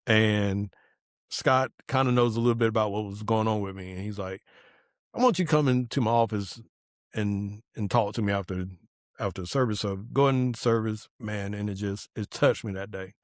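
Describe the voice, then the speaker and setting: A man's voice: on the low side, normal speed, dry recording, clean studio sound. A man, a podcast guest telling a personal testimony in casual conversation, earnest and acting out the dialogue he quotes.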